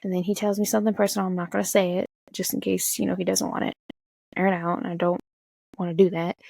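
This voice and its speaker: A young woman casually telling an excited, swear-filled story, jumping high in pitch when she quotes herself. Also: vocal fry, no room sound. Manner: excited, swearing, talks fast with big pitch jumps when quoting. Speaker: vlogger.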